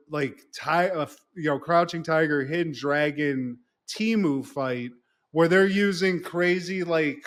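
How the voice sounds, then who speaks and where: Man, podcast co-host, high pitched, animated, swears a lot, casual recap. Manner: animated, profane, quick storyteller.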